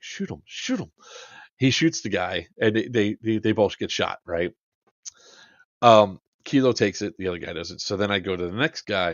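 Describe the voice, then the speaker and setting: A man's voice: fairly low pitch, no echo, lo-fi sound. A man hosting a podcast, casually and animatedly recounting an airsoft game, swearing and acting out the quotes with plenty of fillers. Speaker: podcast host.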